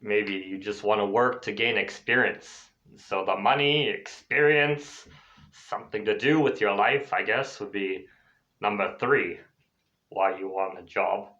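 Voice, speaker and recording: A man teaching an English class in a lively, chatty way, explaining a role-play exercise and voicing the example phrases at a higher pitch. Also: unhurried. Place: lives in Spain. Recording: dull lo-fi recording.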